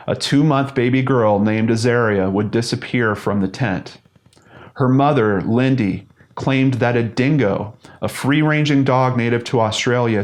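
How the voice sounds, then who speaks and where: Earnest man hosting true-crime narration. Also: mid-range voice. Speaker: host.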